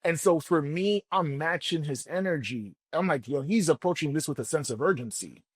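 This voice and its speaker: A man working as a book coach, telling stories in a casual, colloquial, animated way and often acting out what people say. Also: on the high side, normal speed, slightly rough, no echo. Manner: colloquial, animated storyteller who acts out quotes. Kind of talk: casual interview talk.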